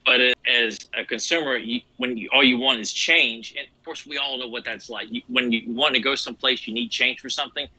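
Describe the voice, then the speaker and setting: A man's voice: medium pitch, fairly even intonation, a little fast, few pauses, pushed and bright, dry recording, low-quality recording. A man co-hosting a podcast, talking casually and rambling with many restarts and "you know"s. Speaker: podcast co-host. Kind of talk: casual chat.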